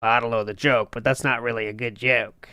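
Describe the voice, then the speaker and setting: A man's voice: medium pitch, level tone, a little fast, pushed and bright, smooth, dry recording, studio quality. A man hosting a livestream, reading out chat messages with sarcastic, teasing remarks. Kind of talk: casual chat.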